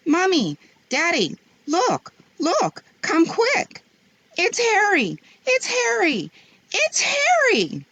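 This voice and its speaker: A woman voicing children shouting with joy in a storybook read-aloud. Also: extremely high pitch, slow, no room sound, voice pushed up, full character voice. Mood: overjoyed. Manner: loud excited shouting.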